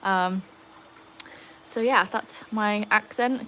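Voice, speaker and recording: A woman's voice: mid-range voice, steady tone, normal speed, a bit bright, a little hiss or hum. A Welsh woman hosting a casual live stream from beside a backyard pool, reading out viewer comments and talking to her dogs. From Wales. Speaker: livestream host.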